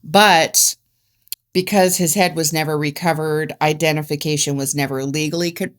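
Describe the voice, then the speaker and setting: Deep-voiced woman reading case notes. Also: steady tone, normal speed. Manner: reads facts with small stumbles and restarts. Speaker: podcast co-host.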